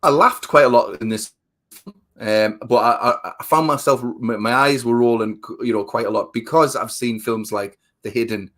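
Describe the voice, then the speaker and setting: A man's voice: mid-range voice, fairly even intonation, moderate pace, a bit bright. A man co-hosting a casual film review chat. He swears often, acts out quotes, and repeats words while he thinks. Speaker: podcast co-host.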